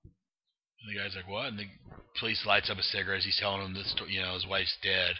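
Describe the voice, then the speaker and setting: A man's voice: deep voice, flat delivery, fairly quick, a little hiss or hum. A man casually narrating and describing a comic book, rambling with many fillers and restarts, on a dull lo-fi recording. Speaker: comic book reader and reviewer.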